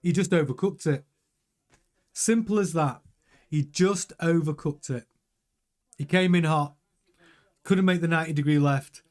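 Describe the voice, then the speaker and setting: On a live race watch-along stream, a chatty, excitable man with a slightly higher-than-usual voice talks casually and regularly answers viewers' messages. His pace is unhurried, and he pauses often.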